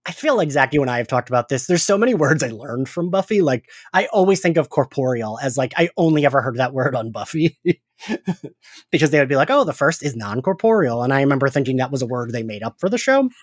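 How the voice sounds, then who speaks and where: A man co-hosting a casual podcast discussion, animated, acting out quoted lines and laughing often. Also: medium pitch, fast, dry recording, clean studio sound. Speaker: podcast co-host.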